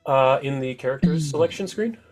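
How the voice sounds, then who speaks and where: A man's voice: medium pitch, expressive, a little fast, faint music behind. Upbeat man running a tabletop game. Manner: chatty, upbeat, with laughs. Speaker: game master.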